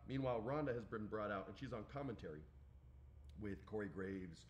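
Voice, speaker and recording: A man in his forties co-hosts a podcast, telling an animated story in casual chat. His pitch swings widely as he acts out the lines and swears freely. A faint hiss sits under his voice. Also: a little fast. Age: 40s. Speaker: podcast co-host.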